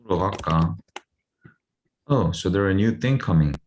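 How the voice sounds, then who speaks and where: A man's voice: lowish voice, lively intonation, normal speed, poor audio. A man teaching a group language lesson over a video call, patiently drilling phrases aloud for learners to repeat.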